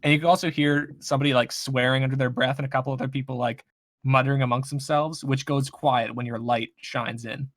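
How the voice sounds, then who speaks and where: A man's voice: medium pitch, steady tone, a little fast, fairly bright tone, no room sound, studio quality. A man narrating as game master, describing scenes in a casual, loose way with fillers.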